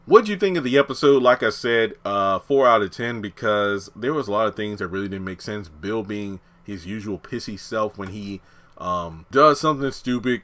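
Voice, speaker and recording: Man, TV reviewer, lowish voice with a bright forceful edge, casual and opinionated, animated retelling. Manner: animated, acts out characters' lines while retelling; blunt and opinionated. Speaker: TV episode reviewer.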